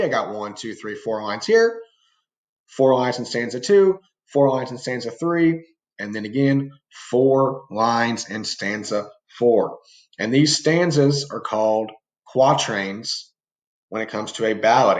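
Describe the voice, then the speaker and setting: A man gives a pre-recorded lesson to his students in a relaxed, conversational way, checking in with them often. His voice sits at an ordinary pitch, and the room around him sounds roomy and echoey. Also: a little slow. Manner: casual, talks to students as guys, frequent fillers and rhetorical "right?". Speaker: teacher.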